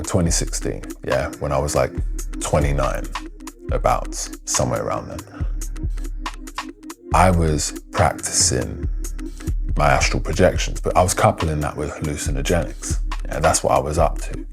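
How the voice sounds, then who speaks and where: A man, telling a personal story in a loose, slangy, animated way. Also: rumbling low, gravelly. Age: 30s. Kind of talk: casual spoken storytelling.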